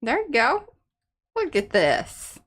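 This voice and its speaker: A woman's voice: fairly high pitch, wildly swooping pitch, slow, fairly bright tone. A woman co-hosting a live art stream, teasing and laughing, talking a little thickly because her tongue is numb. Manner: playful, teasing, laughs often. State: numb tongue, slightly slurred. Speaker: art show co-host.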